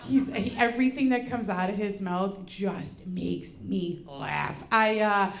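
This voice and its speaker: A woman's voice: mid-range voice, slow, few pauses. A woman in her forties performing stand-up comedy, brash and profane, laughing often as she tells her stories. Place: comedy show with laughing audience. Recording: echoey live venue with loud background noise.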